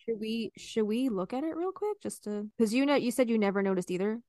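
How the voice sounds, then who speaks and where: A woman in her thirties co-hosting a podcast, excitable and swearing while she laughs and chats. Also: a little high, brisk, no room sound, studio quality. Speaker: podcast co-host. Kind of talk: casual chat.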